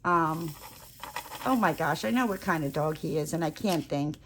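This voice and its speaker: A woman's voice: deep voice, normal speed. Rambling, chatty woman vlogger. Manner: rambling, animated, playful self-mocking exclamations. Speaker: craft vlogger. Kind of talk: casual chatty storytelling while crafting.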